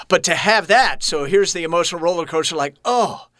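A man in his late thirties telling his personal story as a podcast guest, earnest and halting, often restarting his sentences. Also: fairly high pitch, bright, forceful tone, no room sound, clean studio sound.

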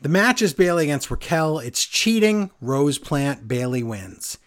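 A man co-hosting a casual wrestling recap podcast, sarcastic and lively as he runs through the night's events. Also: a little high, measured pace. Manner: animated, sarcastic play-by-play.

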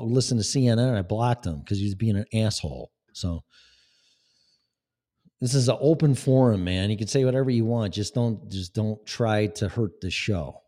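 A man's voice: lowish voice, mellow. A man hosting a live talk show, speaking in a blunt, sarcastic, rambling way. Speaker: podcast host. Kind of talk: casual live-show monologue.

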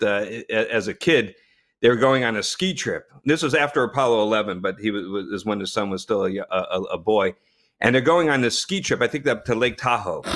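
A man hosting a casual chat, telling a story in a relaxed way with frequent restarts. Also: mid-range voice.

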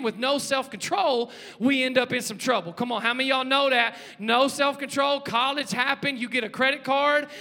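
A man, preaching a lively sermon, joking and calling out to the congregation. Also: very high-pitched. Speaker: pastor. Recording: long hall reverb.

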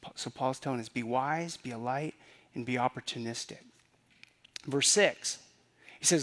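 A man's voice: mid-range voice, normal speed, long pauses, fairly bright tone. Conversational man preaching a sermon. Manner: conversational preaching with rhetorical questions and repeated phrases. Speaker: pastor.

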